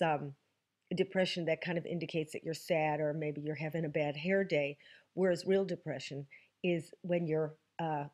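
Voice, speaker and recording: A woman's voice: low-pitched, darkish tone. A woman hosting a casual to-camera question segment outdoors, talking in a wry, joking way with emphatic asides. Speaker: host answering viewer questions. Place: outdoors in the countryside.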